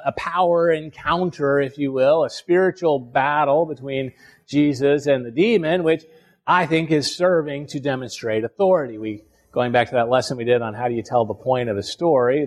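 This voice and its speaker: A man teaching a Bible lesson in a conversational way, often restarting phrases and checking in with "right?". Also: on the high side.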